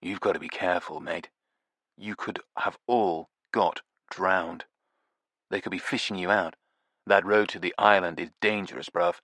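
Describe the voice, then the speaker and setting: A man voicing a brash, excitable male TV presenter who talks loudly and laughs at his own jokes. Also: mid-range voice, normal speed, dry recording, close to an everyday voice. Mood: mock serious. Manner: loud, pushy, slangy, laughs at own jokes. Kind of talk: audiobook character voice.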